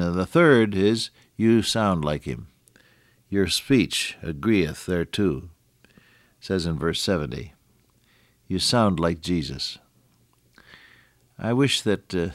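Older male radio preacher, very low voice, earnest and folksy, dry studio sound. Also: no echo. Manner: folksy, earnest, with stories and asides to listeners. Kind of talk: radio sermon.

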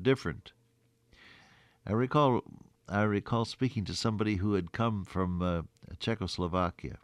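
Older guy preaching, slow and deliberate, lowish voice, dry close sound. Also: dry recording. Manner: slow, deliberate Bible teaching with hesitant restarts. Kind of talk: sermon.

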